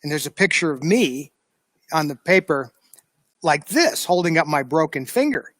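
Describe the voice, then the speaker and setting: An American man with a high voice, recounting a tale in an animated, chatty way. The sound is close and dry, with no room around it. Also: moderate pace, no echo. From United States. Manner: animated storyteller, lively re-enactment. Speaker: show host. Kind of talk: casual anecdote telling.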